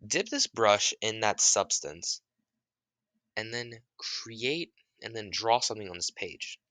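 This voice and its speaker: A man's voice: low voice, expressive, normal speed, vocal fry, pushed and bright, dry recording, full character voice. A man voicing a blunt young male ninja mentor who talks in a casual, offhand way.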